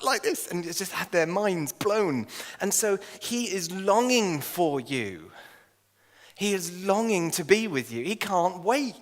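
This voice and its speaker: An English man preaching a sermon as minister, animated and jokey, telling stories with laughs and acted asides. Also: sits high, slow, big-room sound. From England. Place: church hall.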